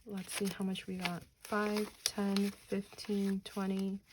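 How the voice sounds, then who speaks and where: Woman in her 30s, slow chatty vlogger counting bills, background noise and clicks. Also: mid-range voice, flat delivery. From New Jersey, US. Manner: slow, chatty, counts money aloud, muttering asides. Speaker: budgeting channel host. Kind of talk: casual chat while counting cash.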